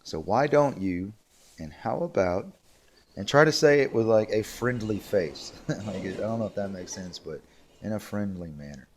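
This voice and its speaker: A man with a lowish voice teaches an English video lesson. He explains in a relaxed, repetitive way, walking students through phrases step by step. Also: moderate pace, slight background noise.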